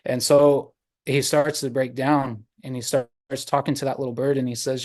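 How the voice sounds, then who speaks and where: A man telling a traditional story to an online audience, unhurried, with many pauses and fillers. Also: mid-range voice, level tone, darkish tone. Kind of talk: oral storytelling. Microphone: video call.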